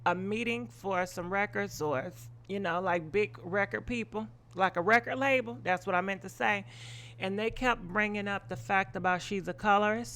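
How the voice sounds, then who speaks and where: A woman with a medium-pitched, fairly bright voice hosts a live gossip stream, offering blunt, opinionated commentary. Her talk rambles, full of swearing, frequent ums, and asides.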